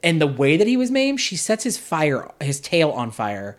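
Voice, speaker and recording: Male podcast host, mid-pitched, lively, sarcastic film reviewer. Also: moderate pace. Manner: sarcastic, exasperated. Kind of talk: casual film review chat.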